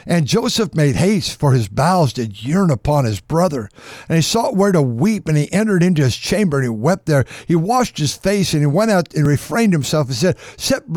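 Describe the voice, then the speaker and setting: A man's voice: fairly high pitch, a little mellow, no echo, studio quality. A man preaching a sermon, fervent, repeating and restarting phrases for emphasis.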